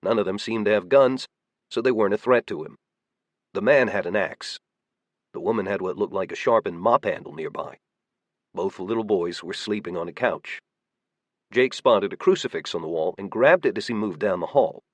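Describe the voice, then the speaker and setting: A man giving steady, measured audiobook narration. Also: on the low side, no room sound.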